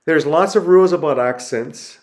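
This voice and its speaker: A man giving a recorded lecture as a Greek teacher, talking slowly and deliberately and repeating each word to model its pronunciation, with frequent fillers and restarts. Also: fairly high pitch, a little mellow.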